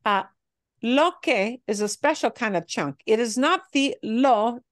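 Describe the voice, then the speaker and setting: A woman teaching a language class, explaining phrases patiently and modeling them slowly. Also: a little high, expressive, no echo, clean studio sound. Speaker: Spanish teacher.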